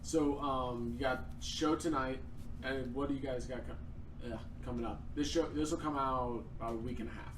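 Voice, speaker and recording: A man's voice: medium pitch, steady tone, normal speed. A man hosting a podcast, asking loose, conversational questions in a casual interview. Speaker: podcast host. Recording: roomy, distant mic with background noise.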